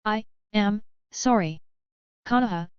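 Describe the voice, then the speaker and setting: A weak old man muttering his last words, as a woman narrator reads him, quiet and resigned. The voice is very smooth and dry, with dull, lo-fi sound. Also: sits high, steady tone, fairly quick, no room sound, lightly acted. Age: older.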